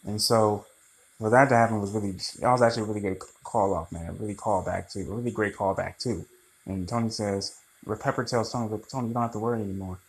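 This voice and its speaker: A man rambling through a casual, animated movie review, swearing freely. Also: lowish voice, fairly quick, creaky, low-quality recording.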